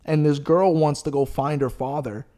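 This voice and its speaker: A man hosting a podcast, chatting casually and telling a long story in a rambling, profane, animated way. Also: on the high side, normal speed. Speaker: podcast host. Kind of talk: casual chat.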